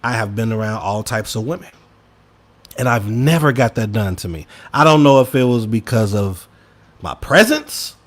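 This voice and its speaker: A man talks through an opinion podcast in a mid-range voice. He turns emphatic, jumping up into loud, high bursts and then dropping into low, quiet mutters. He speaks straight to his listeners in a loose, conversational way. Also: animated, normal speed. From Chicago. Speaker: podcast co-host. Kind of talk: casual opinion commentary.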